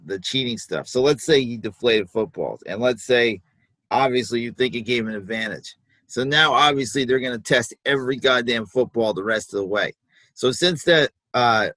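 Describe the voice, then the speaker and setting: A man's voice: mid-range voice, fairly bright tone, no echo, poor audio. A man co-hosting a sports podcast, arguing his point casually with examples and plenty of fillers. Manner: conversational, builds arguments with examples, many fillers. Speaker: podcast co-host.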